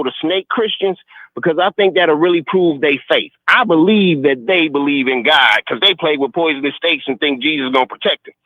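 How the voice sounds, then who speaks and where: A high-voiced man calls in over a dull, muffled phone line, audibly frustrated and agitated. He rambles, stammers through restarts, and keeps coming back to the host's name. The line sounds dry and close. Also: no echo. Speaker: caller.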